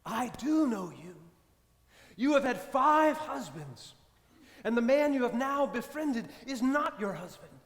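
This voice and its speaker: Priest quoting Jesus, gentle and calm, high and slow, in a reverberant church. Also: male voice, full character voice. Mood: assuring. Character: calm, tender Jesus, adult man. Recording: echoey church with long reverb.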